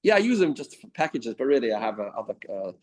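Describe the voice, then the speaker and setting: A man's voice: mid-range voice, very animated, quick pace, voice pushed down. A man voicing a boastful male sorcerer who keeps bluffing and hedging, in a storytelling lesson. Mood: boastful, evasive. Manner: evasive, hedging with fillers.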